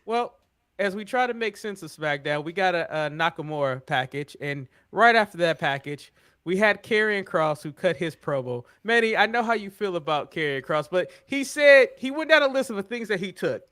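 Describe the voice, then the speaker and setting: A man co-hosting a wrestling podcast in casual, animated chat with laughing banter and an American accent. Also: high voice, moderate pace, smooth, no echo, clean studio sound. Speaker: podcast co-host.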